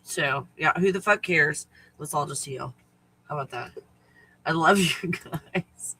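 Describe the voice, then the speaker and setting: Bright-voiced man chatting loosely. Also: fairly high pitch, measured pace, slight background noise, rough recording. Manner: rambling and profane, often laughing. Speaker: spiritual livestream host. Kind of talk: casual chat to viewers.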